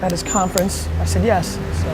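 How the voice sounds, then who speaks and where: A man's voice: sits high, fairly even intonation, brisk, over loud music. Blunt, profane motivational man. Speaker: entrepreneur vlogger and conference speaker. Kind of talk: casual vlog talk and motivational speech.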